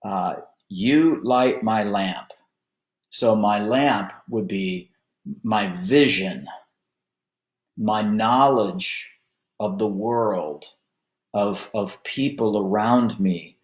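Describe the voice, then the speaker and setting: A male pastor leading a Bible study in an unhurried, conversational teaching manner with frequent filler words. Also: fairly low pitch, roomy sound.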